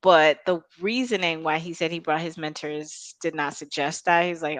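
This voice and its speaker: A woman co-hosting a casual podcast, skeptically talking about a reality show and jumping into high voices to act out quotes. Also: fairly even intonation, moderate pace, hardly any pauses, fairly bright tone, no echo. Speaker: podcast co-host.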